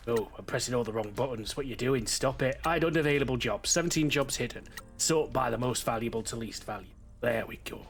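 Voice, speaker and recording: A man's voice: mid-range voice, brisk. A man chatting casually to his live-stream audience while playing a game, rambling and swearing a little, stuffy from a cold.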